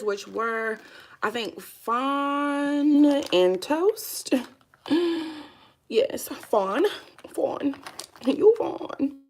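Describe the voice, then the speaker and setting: A woman's voice: medium pitch, vocal fry, a little mellow. A woman, chatting casually through a makeup tutorial and calling her viewers y'all and honey. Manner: chatty, folksy, says y'all and honey a lot. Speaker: beauty vlogger.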